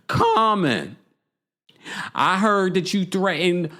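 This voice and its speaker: A man putting on a shrill older mother, high above his own register and swooping wildly as she hollers threats. She scolds hard and loud, a gossipy drama impression. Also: animated, drawn-out words, exaggerated voice. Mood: threatening.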